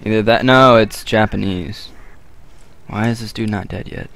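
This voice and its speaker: Dude with a lowish voice chatting thru a flight game, rambly, jokey, gets excited. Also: male voice, moderate pace, vocal fry. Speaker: gameplay commentator. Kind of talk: casual gaming commentary.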